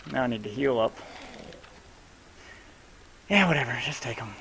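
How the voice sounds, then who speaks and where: A man streaming his own gameplay, talking casually to a teammate in a loose, chatty way and giving quick instructions. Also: mid-range voice, animated, vocal fry, a bit bright, a little hiss or hum, rough recording.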